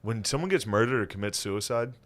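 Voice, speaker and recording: A man co-hosting a comedy podcast, chiming in with dry, quick jokes in casual banter. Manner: dry quick quips with lively swings in pitch. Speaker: podcast co-host.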